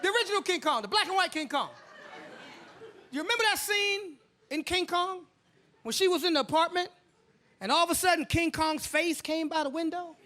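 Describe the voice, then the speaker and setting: During a stand-up comedy set, a man tells stories and playfully acts out the characters in them. His voice is very high and sharp, his delivery brisk, with frequent pauses.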